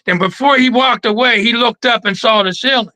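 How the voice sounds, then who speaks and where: A man in a casual interview, telling stories in an animated, slangy way from his trophy room. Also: extremely high pitch, a little fast, no room sound, poor audio. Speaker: guest.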